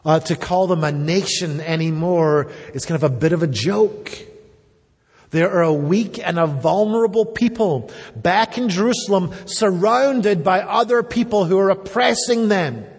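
With a high, slightly rough voice and an unhurried pace, a man preaches a sermon as pastor, earnest and emphatic. At times he speaks straight to the children, and the sound carries the long reverb of a church hall.

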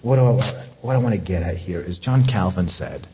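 A man pastor preaching a sermon, animated, climbing to loud high peaks and dropping to hushed asides. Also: fairly quick, a little hiss or hum. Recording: long hall reverb.

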